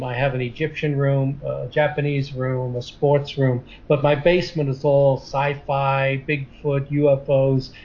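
A middle-aged man earnestly retelling a story in a rambling way, stringing lines together with "she says". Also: on the high side. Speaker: guest telling a story. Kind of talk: casual spoken storytelling. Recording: dull lo-fi audio.

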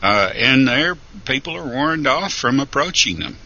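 A man, a radio guest answering questions slowly and haltingly. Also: mid-range voice, sing-song, gravelly, pushed and bright. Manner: slow, halting, many uh fillers. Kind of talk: radio interview. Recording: dull lo-fi radio sound.

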